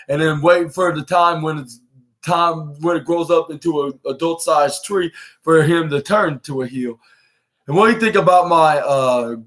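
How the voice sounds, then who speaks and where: A man's voice: fairly high pitch, fairly bright tone. Rambling man hosting a wrestling podcast. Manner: rambling, frequent fillers and restarts. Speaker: podcast host. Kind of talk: casual wrestling show recap.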